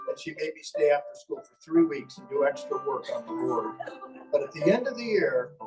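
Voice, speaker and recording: A man's voice: a little high, far from the mic, poor audio. Playful man telling stage stories. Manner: playful, chatty, teasing the audience. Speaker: ventriloquist and entertainer. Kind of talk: live comedic storytelling to an audience. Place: stage in a large hall.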